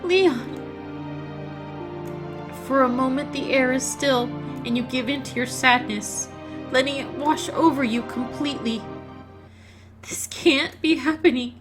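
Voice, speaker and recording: A woman's voice: high-pitched, steady tone, moderate pace, over music. A woman hosting a game let's play, reading the story aloud and commenting emotionally, tearful, stammering and laughing.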